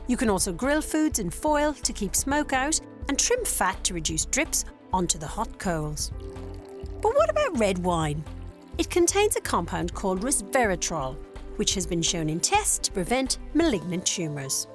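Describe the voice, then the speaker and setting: A woman doctor hosts a health show, her voice swinging widely in pitch as she explains and questions. She speaks in a clear, inquisitive presenter's manner over faint music. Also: very animated, normal speed. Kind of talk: presenter to camera and interviewer.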